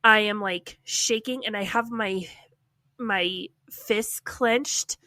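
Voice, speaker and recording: A woman podcast co-host telling a personal story in a casual, animated way, filling her speech with "like.". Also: mid-range voice, takes it slowly, dry recording. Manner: animated, heavy use of "like".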